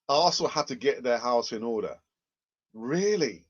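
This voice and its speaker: A man's voice: medium pitch, lively intonation, moderate pace. A man hosting a live football news stream, chatty and rambling with sarcastic asides. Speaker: football channel host. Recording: dull lo-fi stream audio.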